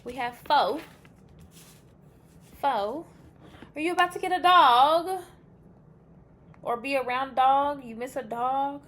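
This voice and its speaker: A woman's voice: high voice, takes it slowly, pauses often, fairly bright tone. A woman giving a casual pick-a-card tarot reading. She is chatty and blunt, swears freely, and thinks aloud as she reacts to the cards.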